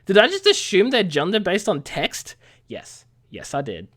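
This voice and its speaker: A woman's voice: mid-range voice, wildly swooping pitch, moderate pace. A woman streamer chatting casually, stammering and mocking herself with minced swears.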